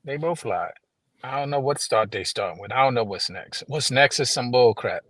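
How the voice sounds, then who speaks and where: A man's voice: medium pitch, expressive, moderate pace, a bit bright, no echo. Blunt man on a video chat. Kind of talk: casual chat.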